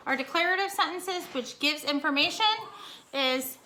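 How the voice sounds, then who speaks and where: A woman's voice: sits high, normal speed, noisy background. A young woman teacher recording a casual home lesson for her students, explaining each step in a chatty way.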